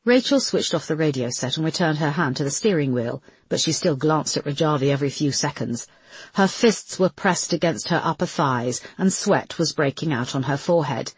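A woman narrating an audiobook with a low, husky voice and a lively, animated delivery. The reading is scripted and dramatic. It is recorded dry and close. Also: moderate pace, dry recording.

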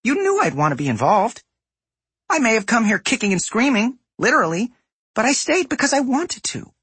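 A man voicing a naive, cheerful young goblin woman inventor in a high, earnest voice in an audiobook reading. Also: sing-song, a little fast, fairly bright tone, breathy edge, no echo, full character voice. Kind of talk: audiobook character voice.

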